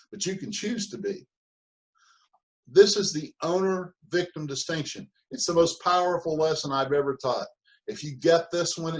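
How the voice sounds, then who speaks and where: A man's voice: mid-range voice, low-quality recording. A male speaker delivering a motivational seminar talk. He hammers his points home with short, repeated phrases. Now and then he slips into a whiny voice to mimic excuses. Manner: emphatic, punchy repetition, acts out whiny victim voices. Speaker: mentor and speaker.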